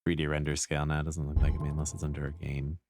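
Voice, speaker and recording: A man's voice: rumbling low, completely flat delivery, fast talker, noisy background. A man streaming a video game, chatting in a laid-back, joking way. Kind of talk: casual gameplay commentary.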